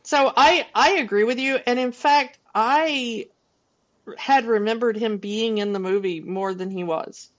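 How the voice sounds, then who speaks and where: A woman co-hosting a film podcast, talking through her thoughts in an unhurried, casual way. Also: a little high, a bit bright, lo-fi sound. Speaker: podcast co-host.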